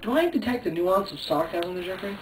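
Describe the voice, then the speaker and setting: A man's voice: high voice, animated, brisk. A young man hosting a mock talk show, hammy and sarcastic with filler hesitations. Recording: distant mic.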